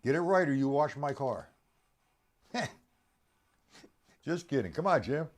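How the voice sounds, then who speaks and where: A man's voice: medium pitch, sing-song, slow pace. A man teaching a drum lesson on a live stream, quizzing and teasing his students by name.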